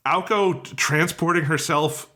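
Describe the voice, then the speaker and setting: A man's voice: a little high, measured pace, pushed and bright. A man co-hosting a podcast, talking about a story with enthusiasm and casual swearing, often laughing. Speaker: podcast co-host. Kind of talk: casual review chat.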